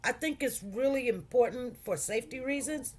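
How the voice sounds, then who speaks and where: A woman's voice: on the high side, moderate pace, a little mellow. A middle-aged woman with a Chicago accent chatting casually to her livestream viewers, repeating herself and talking straight to the audience. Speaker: livestream host.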